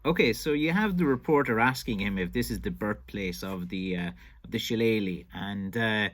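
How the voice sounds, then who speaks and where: A man's voice: on the low side, moderate pace, a bit bright. Hesitant Irish-raised man commenting. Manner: hesitant, many fillers and restarts. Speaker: stick maker reviewing an old interview. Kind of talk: casual commentary.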